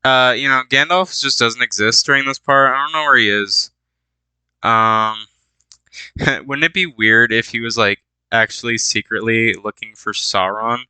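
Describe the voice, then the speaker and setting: A man's voice: medium pitch, unhurried, sharp tone, smooth, no room sound, low-quality recording. A man giving a meandering, flippant comic retelling, full of asides and fillers. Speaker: YouTube spoof narrator.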